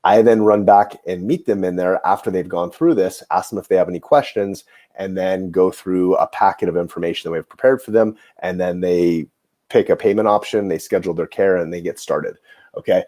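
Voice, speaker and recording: A man who hosts a coaching program for chiropractors, talking quickly and admitting he is rushing as he walks colleagues through his clinic method. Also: deep voice, steady tone, dark tone. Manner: rushed and self-admittedly fast-talking. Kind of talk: quick how-to talk to fellow clinicians.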